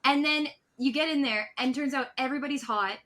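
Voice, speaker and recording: A woman hosting a casual podcast chat, talking fast and loose with lots of fillers. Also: sits high. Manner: chatty, many "like" fillers, animated. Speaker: podcast host.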